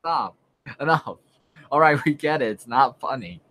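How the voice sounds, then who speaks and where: A man's voice: mid-range voice, lively intonation, normal speed, bright, forceful tone. A man co-hosting a casual comic book review chat, chiming in with short, dry, teasing remarks. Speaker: comic book podcast co-host.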